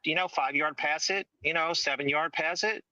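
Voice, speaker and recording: A man's voice: a little high, steady tone, moderate pace, sharp tone, no echo. A man calling in to a talk show from a tent in a mine, making his point emphatically and checking "okay?". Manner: emphatic, keeps asking "okay?". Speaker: caller. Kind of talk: phone-in opinion. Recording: dull lo-fi call audio.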